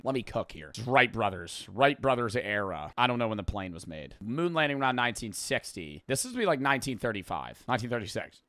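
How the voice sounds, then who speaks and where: A young man streaming a game, chatting casually, thinking out loud and swearing often. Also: medium pitch, a little fast, hardly any pauses, dry recording, studio quality. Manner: excitable, profane, thinking out loud. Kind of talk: casual live-stream gameplay commentary.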